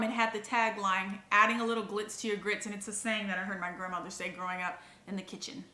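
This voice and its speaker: A woman in her thirties from the Dallas area, chatting quickly through a casual vlog Q and A with rambling asides. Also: mid-range voice, bright, forceful tone. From Texas, Dallas area. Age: 30s. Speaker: lifestyle and travel blogger. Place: inside a historic house. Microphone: on-camera mic of a DSLR. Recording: echoey room.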